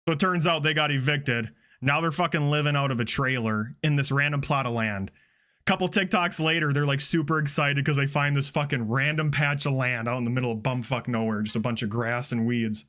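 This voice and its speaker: A young man streaming, recapping a string of online videos in a casual, profane, animated way. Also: mid-range voice, brisk. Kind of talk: casual storytelling on a livestream.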